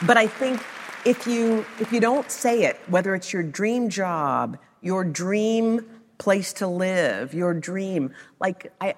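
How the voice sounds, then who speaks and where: Woman guest, emotional storyteller, hopeful lift, mid pitch, long reverb. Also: expressive, slow, some chatter behind. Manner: emotional, builds to hopeful emphasis. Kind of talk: personal storytelling in conversation.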